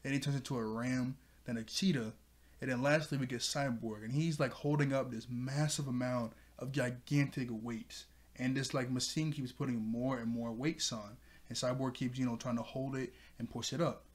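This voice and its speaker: Male host, casual recap delivery, chatty and giggly, mid pitch. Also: fairly even intonation, moderate pace. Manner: chatty, laughs often, loose filler words. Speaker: show reviewer and channel host.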